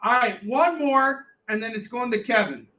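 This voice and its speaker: A man co-hosting a live comic shop sales show, pitching deals in an excitable, loud way and shouting catchphrases. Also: moderate pace, reverberant, rough recording.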